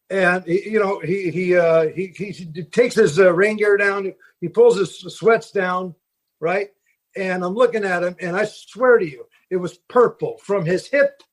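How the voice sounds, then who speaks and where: Middle-aged man, captain, casual storyteller, rambling, a higher voice. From Seattle. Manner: rambling, with many fillers and restarts. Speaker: fishing boat captain, guest. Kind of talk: casual storytelling in a podcast interview.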